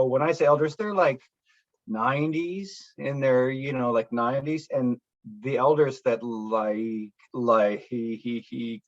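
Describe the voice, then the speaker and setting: A man's voice: mid-range voice, muffled recording. A man speaking on a panel, telling stories in a rambling way with many fillers and acted-out quotes. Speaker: guest speaker. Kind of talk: casual talk at a speaker panel.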